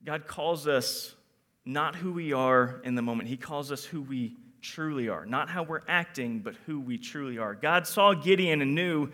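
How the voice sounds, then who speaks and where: A man preaching a sermon to young people, animated, acting out quotes and moving between loud emphasis and quiet reflection. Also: medium pitch, normal speed. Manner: animated, acts out quotes in different voices.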